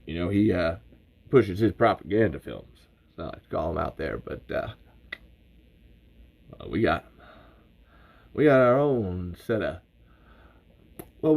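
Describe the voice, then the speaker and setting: A man's voice: lowish voice, gravelly, darkish tone, heavily acted. A man voicing a boastful, paranoid middle-aged survivalist in an improvised livestream, with a blustery, folksy drawl that slips toward Southern. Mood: scheming.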